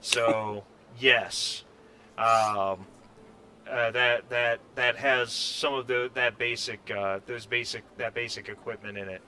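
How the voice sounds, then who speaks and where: A man running a tabletop game as game master, narrating haltingly with many restarts. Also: mid-range voice, steady tone, pushed and bright, a little hiss or hum. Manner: halting, full of fillers and restarts.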